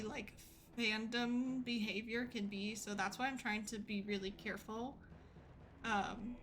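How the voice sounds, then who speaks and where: A woman's voice: a little high, noisy background. A woman streamer telling a rambling, chatty story with lots of fillers and giggles. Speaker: gaming streamer. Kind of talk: casual storytelling chat.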